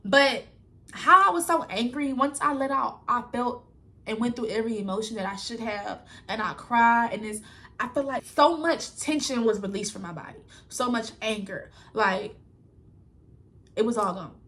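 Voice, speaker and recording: A woman's voice: a little high, normal speed, bright, forceful tone. A young woman vlogger talking frankly and casually to her viewers, rambling through a personal story. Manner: rambling, frank and colloquial, addresses viewers as y'all. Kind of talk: candid personal storytelling to camera.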